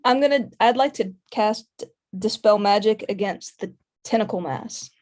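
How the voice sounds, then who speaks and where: A woman playing a tabletop game, calm and reassuring. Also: medium pitch, normal speed. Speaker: player.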